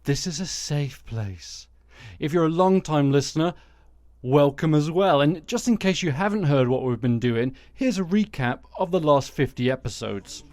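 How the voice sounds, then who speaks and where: A man's voice: a little high, lively intonation, moderate pace, a little mellow. Sarcastic man hosting a news podcast. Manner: sarcastic, dry asides. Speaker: podcast host. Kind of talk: satirical news commentary.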